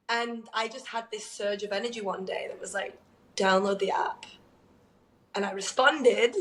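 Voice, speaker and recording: A woman co-hosting a podcast, telling a candid personal story in an animated way, laughing often and using lots of "like.". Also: medium pitch, roomy sound, rough recording. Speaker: podcast co-host.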